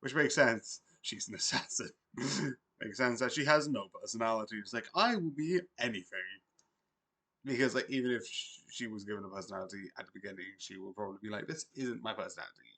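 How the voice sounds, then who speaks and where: A man's voice: fairly low pitch, quick pace, bright, forceful tone. A man from Britain, streaming a casual, rambling anime review full of fillers and self-corrections.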